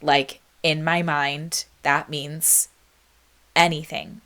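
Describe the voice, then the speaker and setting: A young woman with a low-pitched voice talks through a solo podcast episode. She is reflective and chatty, full of ums and likes, and she reads out her old song lyrics as she goes. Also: level tone, extremely slow, pushed and bright. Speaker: podcast host. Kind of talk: casual solo podcast monologue.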